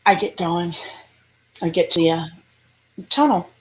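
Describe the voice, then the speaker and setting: Female paranormal investigator, animated storyteller in an interview. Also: on the low side, a little slow. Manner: animated storyteller, acting out dialogue.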